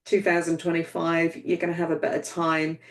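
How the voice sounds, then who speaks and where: A woman's voice: on the low side, monotone, fairly quick, distant mic. A woman hosting a mediumship demonstration, relaying messages in an affectionate, searching way and calling people darling. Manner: repetitive, searching phrasing. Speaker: host and medium. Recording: roomy sound from off-mic.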